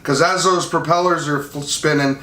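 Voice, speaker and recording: A man's voice: fairly high pitch, normal speed. Casual man in an echoey room. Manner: relaxed, rambling with fillers and restarts. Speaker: channel host reviewing drone gear. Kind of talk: casual product chat. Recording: echoey room with faint noise.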